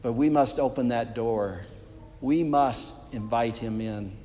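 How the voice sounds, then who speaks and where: A man's voice: medium pitch, takes it slowly, darkish tone, faint music behind. A man delivers an earnest sermon to his congregation, talking straight to the people in the pews. His voice sits in a middle register. It rings out with the long reverb of a church hall. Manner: earnest, addresses the congregation directly. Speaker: preacher.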